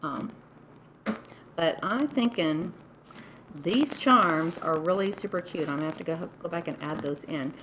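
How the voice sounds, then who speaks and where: A woman's voice: on the low side, measured pace, a bit bright, slight background noise, low-quality recording. A woman craft vlogger giving a casual show-and-tell tutorial, chatty and gushing over small details. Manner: gushing, chatty, lots of "oh my goodness".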